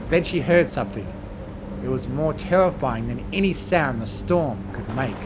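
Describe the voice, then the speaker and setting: Man, horror story reading, lively rising and falling voice, traffic noise behind. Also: on the high side. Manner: measured, dramatic storytelling. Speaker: fan fiction reader.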